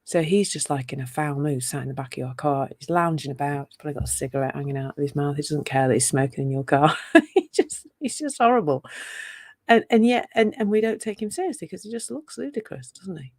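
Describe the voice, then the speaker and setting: A woman's voice: low voice, lively intonation, fast talker, a little mellow, no echo, clean studio sound. A woman teaching on a live talk, chatty and playful, with rhetorical asides to her listeners. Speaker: self-compassion teacher.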